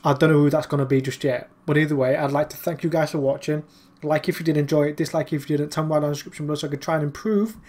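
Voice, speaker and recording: A man's voice: fairly high pitch, steady tone, very fast, a little mellow. A young man commentating live over a football video game, exasperated and urging his players on. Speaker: gaming YouTuber.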